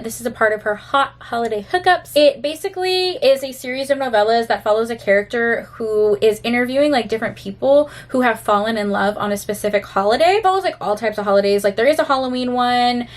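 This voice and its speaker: Young woman vlogger rambling about books, gushy, swears casually, slightly high voice. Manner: gushing, chatty, casual swearing. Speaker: book reviewer. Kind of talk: casual vlog chat. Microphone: camera.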